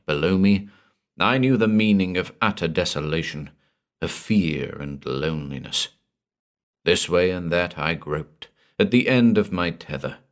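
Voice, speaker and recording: Slow, deep-voiced male horror narrator. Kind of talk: dramatic audiobook narration.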